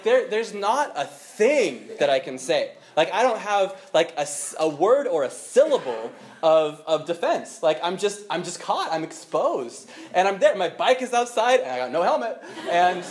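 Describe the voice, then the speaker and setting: A man preaching a sermon, telling a personal story in a halting, self-deprecating way full of restarts. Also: sits high, a little hiss or hum. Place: church.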